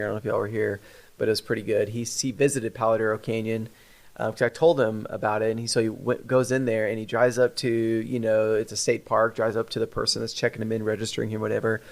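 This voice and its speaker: A man hosting a church podcast, chatting casually and telling stories with rambling asides. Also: on the low side. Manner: rambling, laughs at own stories. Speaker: podcast host. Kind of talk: casual chat.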